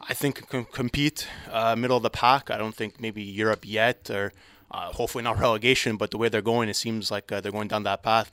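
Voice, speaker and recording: A man co-hosting a podcast in casual sports chat, talking hesitantly with many pauses and restarts. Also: fairly low pitch, fairly bright tone, smooth, no echo. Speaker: podcast co-host.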